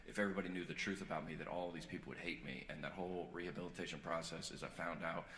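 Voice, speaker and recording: A man doing a stand-up comedy set on stage, rambling and self-deprecating, swinging from earnest confession to loud joking. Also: low voice, steady tone, very fast. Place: large theater on stage. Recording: echoey live hall recording with crowd noise.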